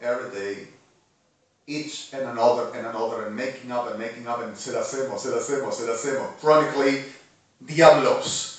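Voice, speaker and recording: A man, delivering a rambling monologue to camera and veering from low muttering to shouting. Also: fairly quick, distant mic. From Argentina. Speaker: vlogger. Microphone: phone camera. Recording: echoey room, voice away from mic.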